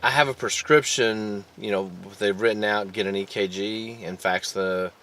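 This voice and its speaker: A man's voice: fairly low pitch, steady tone, moderate pace, a bit bright. A man with a Southern US accent, rambling through a casual vlog story and a phone call, often restarting and repeating words. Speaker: vlogger.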